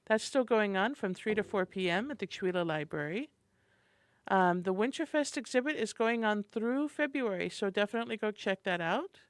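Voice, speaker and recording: A chatty, upbeat woman co-hosts a morning radio show and reads through the week's community calendar. Her voice sits at an ordinary middle pitch for a woman. She is heard through a close studio microphone, with a dry sound and no room in it. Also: lively intonation, moderate pace, no echo. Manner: chatty and enthusiastic, reading a calendar. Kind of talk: community events rundown on radio.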